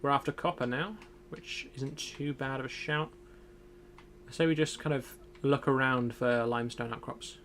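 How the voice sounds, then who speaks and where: Young streamer muttering through gameplay. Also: male voice, mid-range voice, steady tone, normal speed, a bit bright, a little hiss or hum. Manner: thinks aloud, muttering to himself. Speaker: gaming streamer. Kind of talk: casual gameplay commentary.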